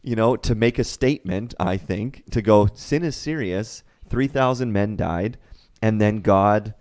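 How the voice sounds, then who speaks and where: A man co-hosting a church podcast in casual chat, retelling scripture stories with lively acted quotes and frequent laughs. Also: lowish voice, a little slow. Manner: animated, acts out quotes, laughs often. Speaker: podcast co-host.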